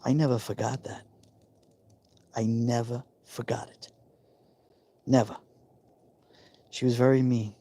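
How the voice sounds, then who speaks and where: A man's voice: medium pitch, flat delivery, slow, long pauses, dark tone, no echo. A man, telling a personal story on a live stream in an emotional, confiding way, repeating himself for emphasis. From New York. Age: 50s.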